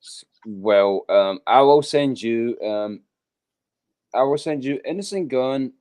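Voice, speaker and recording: A man's voice: medium pitch, animated, slow pace, a little mellow. A man from Scotland chatting casually on a video call, rambling and hesitant with many ums and the odd swear word. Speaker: host. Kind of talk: casual chat.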